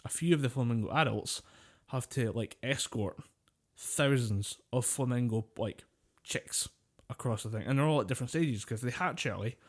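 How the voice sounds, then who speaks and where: A man's voice: mid-range voice, normal speed. Casual swearing man on a podcast. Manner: rambling storyteller, swears freely, laughs often. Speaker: podcast co-host.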